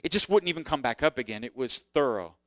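A man's voice: mid-range voice, fast talker, no room sound, clean studio sound. A man preaching in a self-deprecating storytelling way, acting out the voices in his story. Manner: animated, acts out quoted voices. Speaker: preacher sharing testimony. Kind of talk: sermon storytelling.

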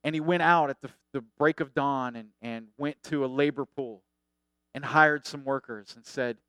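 Animated, smooth-voiced male preacher. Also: medium pitch, moderate pace, dry recording. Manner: animated, conversational, acts out quotes. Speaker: pastor. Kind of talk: sermon.

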